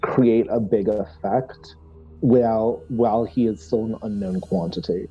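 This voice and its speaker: Mellow-voiced man, halting tabletop player. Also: fairly low pitch, fairly even intonation, husky, dull audio, soft background music. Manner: hesitant, many restarts and fillers, laughs often. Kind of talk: explaining a character move in a tabletop game.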